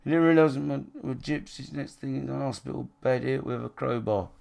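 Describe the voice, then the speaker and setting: A man's voice: mid-range voice, a little fast, creaky, darkish tone. A man with a British accent, a gaming live streamer chatting casually with his viewers, rambling and swearing, often checking if they follow him. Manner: rambling and sweary, often asks "do you know what I mean".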